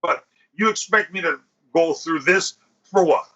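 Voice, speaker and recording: A male podcast host swaps crude, profane stories in casual chat. His voice is bright and a little husky. He talks a bit high, and the recording is dull and lo-fi. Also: a little slow. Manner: crude, profane storytelling, acts out quotes.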